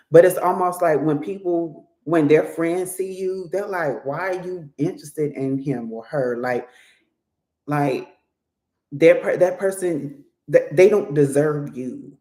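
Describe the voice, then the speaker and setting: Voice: medium pitch, a little mellow. Chatty tarot reader in a roomy space. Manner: chatty, laughs often, acts out little voices. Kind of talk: casual tarot reading. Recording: roomy echo.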